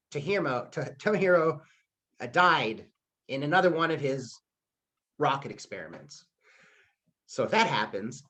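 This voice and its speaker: A man's voice: sits high, fairly bright tone. A man teaching a public speaking lesson online over a video call, keeping his delivery upbeat and acting out the voices in his examples. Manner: upbeat, acts out quoted voices.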